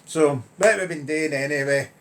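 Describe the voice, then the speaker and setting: A man's voice: on the high side, normal speed, a little hiss or hum. A middle-aged man with a Lanarkshire Scottish accent, ranting wryly and chattily to camera in a casual vlog. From Scotland. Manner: chatty, wry, grumbling. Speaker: vlogger.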